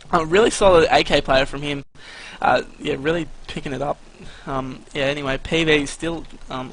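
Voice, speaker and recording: Male analyst caster, slightly high voice, chatty stat breakdowns full of fillers. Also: fairly bright tone, a little hiss or hum, rough recording. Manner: analytic, laced with "uh" and "anyway" fillers. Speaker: esports commentator. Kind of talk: live color commentary and stat rundown.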